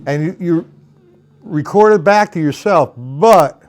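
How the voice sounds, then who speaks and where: A man's voice: on the high side, takes it slowly, loud music behind the voice. Chatty man teaching drums on a stream. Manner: counts beats aloud, chatty with viewers by name. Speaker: drum teacher. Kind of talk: live-streamed drum lesson.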